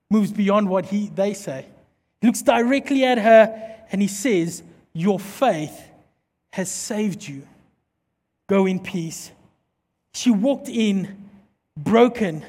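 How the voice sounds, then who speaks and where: A pastor preaching a sermon with emphatic delivery that drops to soft, intense tones when he prays. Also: high-pitched. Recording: hall reverb.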